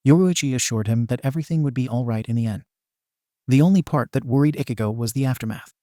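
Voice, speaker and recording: A man narrating a fan fiction story in a steady, even storytelling manner, recorded on a close mic. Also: medium pitch, fast, no room sound.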